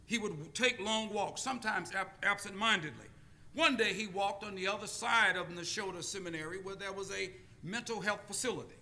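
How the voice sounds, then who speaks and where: Male preacher, high bright voice, storytelling sermon with call-and-response. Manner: call-and-response, deliberate pauses.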